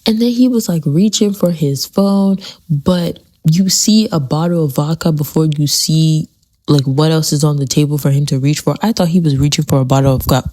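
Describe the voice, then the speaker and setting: Low-voiced chatty woman. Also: a little mellow, no echo. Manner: chatty, dramatic, repeats phrases for emphasis. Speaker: TV show commentator. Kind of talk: casual recap commentary.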